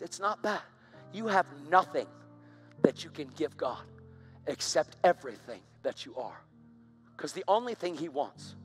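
A man preaching, telling his own story in an intense, dramatic way. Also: fairly high pitch. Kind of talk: sermon testimony.

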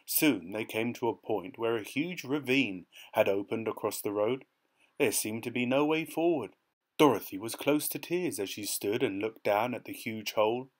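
A man reading a children's story aloud with expressive storytelling. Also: mid-range voice, normal speed. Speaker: storybook reader.

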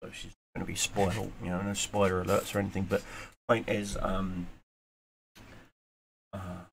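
A man talking straight to camera in a casual motivational vlog, earnest and rambling, moving from quiet reflection to emphatic urging. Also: deep voice, flat delivery, moderate pace, vocal fry, a little hiss or hum. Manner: earnest, rambling, with fillers and repeats. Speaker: YouTuber.

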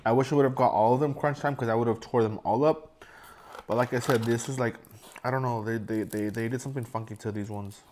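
A man's voice: mid-range voice, fairly even intonation, fast, a little mellow, a little hiss or hum. A man in his thirties talking casually to camera as a food vlogger, rambling with repeated words and fillers. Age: 30s. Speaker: mukbang vlogger.

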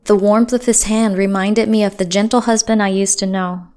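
A woman narrating a dramatic first-person story in a steady, earnest voice. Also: mid-range voice, moderate pace, clean tone. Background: faint music.

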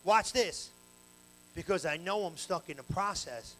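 A male pastor preaching a live evening sermon in church on a handheld mic, animated and colloquial with call-and-response. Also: sits high, measured pace, a little hiss or hum, rough recording. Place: church sanctuary, live service. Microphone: handheld microphone.

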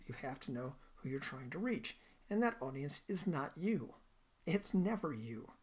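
A woman's voice: low voice, animated, normal speed, a little mellow, husky. A woman giving a recorded lecture in a conversational way, often asking the listener questions.

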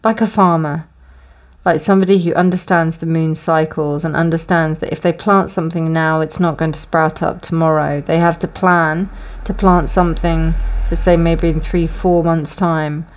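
A woman's voice: sits low, steady tone, normal speed. A woman giving a casual tarot reading, rambling with many restarts and fillers. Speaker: tarot reader. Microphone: close, dry room with windows closed.

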